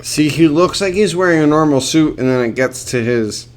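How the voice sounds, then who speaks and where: A man's voice: fairly high pitch, normal speed. A man doing reaction commentary on a clip, sarcastic and exasperated, swearing often.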